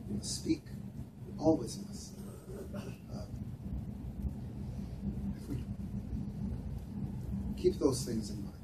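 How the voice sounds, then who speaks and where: A man's voice: medium pitch, huge pitch swings. Earnest man speaking from afar in an echoey room. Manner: earnest, unhurried, pauses often. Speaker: speaker addressing volunteers. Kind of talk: reflective talk with personal stories. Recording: echoey room, heard from a distance, noisy.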